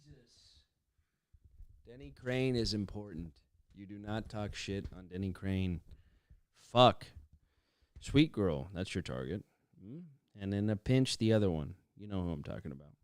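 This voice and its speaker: A man's voice: lowish voice, lively intonation, a little slow, a little mellow, no echo, clean studio sound. A man co-hosting a casual livestream, joking and bantering with viewers.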